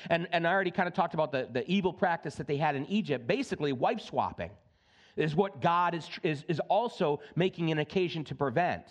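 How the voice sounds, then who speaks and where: A male pastor preaching a sermon in an animated way, slipping in joking asides. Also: fairly high pitch, fairly quick.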